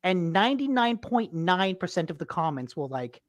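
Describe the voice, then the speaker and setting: A woman co-hosting a casual podcast chat, ranting in an animated way and swearing freely. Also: lowish voice, normal speed, few pauses, no echo. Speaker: podcast co-host.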